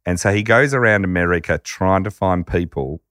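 A podcast host telling a story conversationally, animated and acting out quotes. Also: male voice, low-pitched, brisk, smooth, no echo, clean studio sound. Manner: animated narrator who acts out quotes.

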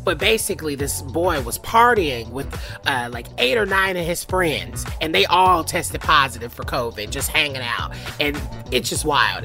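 A woman's voice: deep voice, expressive, normal speed, sharp tone, soft background music. A woman co-hosting a news chat show, outspoken and sassy. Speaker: co-host.

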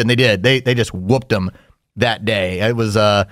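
A man's voice: lowish voice, unhurried, a bit bright, dry recording, studio quality. A man co-hosting a sports radio talk show, telling stories with emphasis and acting out the lines of people he met. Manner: storytelling, emphatic, fond of acted quotes. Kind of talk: casual sports radio chat.

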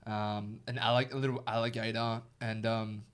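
A young man, a podcast guest who tells animated stories to his roommates and keeps saying "bro". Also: fairly low pitch, normal speed, clear, resonant tone. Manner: animated storyteller, says bro a lot. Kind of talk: casual banter among roommates.

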